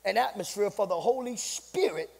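Male pastor, high voice, in a hall that climbs to shouting. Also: expressive, moderate pace, creaky, breathy edge. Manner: builds to shouting, repeats "my God" often. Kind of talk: sermon. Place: church sanctuary. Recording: long hall reverb.

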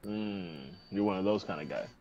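A man's voice: deep voice, moderate pace, darkish tone, a little hiss or hum. A man playing a tabletop game, talking hesitantly and thinking aloud. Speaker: player. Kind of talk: casual tabletop game chat. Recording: dull lo-fi sound.

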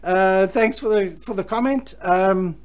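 A man's voice: high voice, measured pace, clear, resonant tone. Chatty, enthusiastic male live-stream host. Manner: chatty and enthusiastic, frequent restarts. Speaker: host of a live fishing electronics show. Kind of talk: live-stream chat reading viewer comments.

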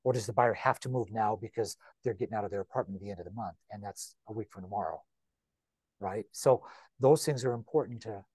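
A man, a real estate broker, giving an informal training talk to agents in a chatty, animated way, with quick repeats and asides. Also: lowish voice, husky, no room sound.

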